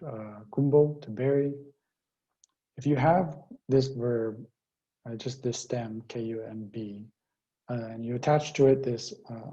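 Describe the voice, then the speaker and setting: A man's voice: medium pitch, warm tone, muffled recording. A man giving a linguistics lecture, explaining step by step with frequent fillers over a remote call.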